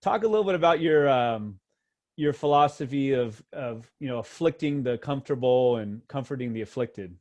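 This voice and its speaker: A man's voice: mid-range voice, normal speed, muffled recording. Easygoing male podcast host. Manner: relaxed, loose questions with many fillers. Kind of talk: casual interview chat.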